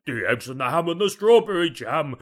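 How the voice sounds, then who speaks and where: A man voicing a bumbling, eager middle-aged husband who talks loudly and gormlessly. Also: medium pitch, normal speed. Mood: silly sing-song. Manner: loud, excitable and gormless.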